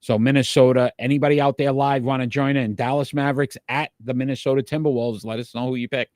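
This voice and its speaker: A man's voice: medium pitch, steady tone, fast talker, a little mellow, no echo. Man, sports show host, casual picks chat, dry close sound. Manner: chatty, laughs easily, calls out to live viewers.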